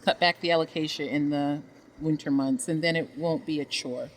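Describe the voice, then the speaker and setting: A woman's voice: low voice, fairly even intonation, normal speed, slight background noise, rough recording. A woman vlogging a casual tour of her greenhouse, gushing affectionately and talking to her plants as she walks around with a handheld phone.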